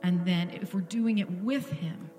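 A woman's voice: fairly low pitch, unhurried, dark tone, echoey room, big-room sound, soft background music. A woman pastor giving an earnest, intimate sermon in a church, at times dropping to a whisper. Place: church sanctuary.

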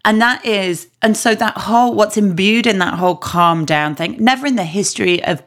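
A woman's voice: mid-range voice, normal speed. A northern English woman co-hosting a podcast in casual chat, blunt and opinionated, swearing freely. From northern England. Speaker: podcast co-host.

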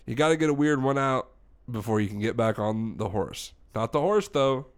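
A man's voice: mid-range voice, expressive, moderate pace, clean tone. A man co-hosting a podcast in casual chat, playful and teasing. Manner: playful, teasing, laughs often. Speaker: podcast co-host.

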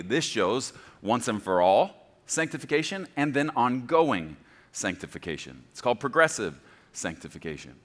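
A man's voice: on the low side, very animated, normal speed, fairly bright tone, big-room sound. A man in his forties preaching a sermon as a pastor, telling stories with laughter and self-deprecating humor. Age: 40s.

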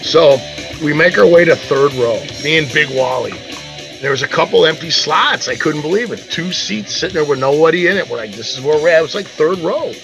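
Gravelly, profane storyteller man. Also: a little high, muffled recording. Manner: profane, animated, acts out quoted voices. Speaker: podcast co-host. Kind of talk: casual storytelling.

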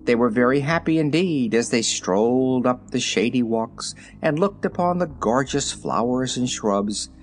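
A man narrating a children's storybook in an expressive, measured reading. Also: mid-range voice. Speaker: audiobook narrator.

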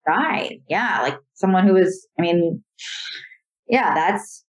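A woman's voice: on the low side, lively intonation, takes it slowly. A young woman and comedian chatting casually over a video call, telling rambling stories full of fillers. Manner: rambling storytelling with many fillers. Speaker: comedian guest.

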